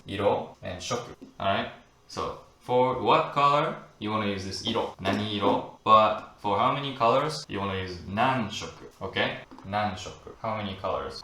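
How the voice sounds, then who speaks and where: A man with a Japanese accent explaining points patiently in an online lesson, repeating phrases slowly for learners. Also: on the low side, pushed and bright. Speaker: Japanese language teacher. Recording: echoey room with faint noise.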